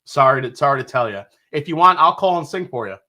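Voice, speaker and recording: Man hosting a live stream, from new york, bright slightly high voice, jokey and loose. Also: animated, fast. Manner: joking, swears casually, laughs often. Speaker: livestream host. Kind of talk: casual live chat reading viewer comments.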